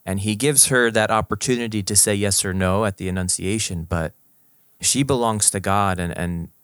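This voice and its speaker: A man, a priest co-hosting a podcast, talks reflectively about faith, unhurried and pausing to search for words. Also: on the low side, a bit bright, clear, resonant tone, no echo. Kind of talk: casual faith discussion.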